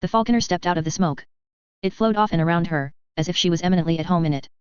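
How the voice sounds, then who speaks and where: A woman narrating a novel in the first person, in a steady, tense storytelling voice. Her voice is very clear and sits a bit low. The recording is close and dry, with a slightly dull, muffled top end. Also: quick pace, no room sound. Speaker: audiobook narrator.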